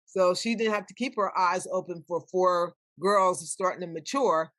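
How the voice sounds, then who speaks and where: Older woman guest, animated storyteller, acts out voices, dry close sound. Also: lowish voice, normal speed, no room sound. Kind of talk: storytelling in conversation.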